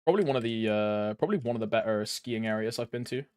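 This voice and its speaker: A man's voice: fairly low pitch, quick pace, darkish tone, clean tone, no echo. A young man streaming a game, chatting casually in a rambling way, laughing often and calling his viewers bro. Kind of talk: casual chat while gaming.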